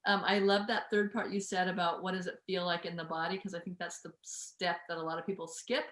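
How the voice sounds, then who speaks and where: A woman's voice: fairly low pitch, flat delivery, a little fast. Enthusiastic woman host in an echoey room. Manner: warm, affirming, enthusiastic. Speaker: podcast host. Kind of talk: casual conversation.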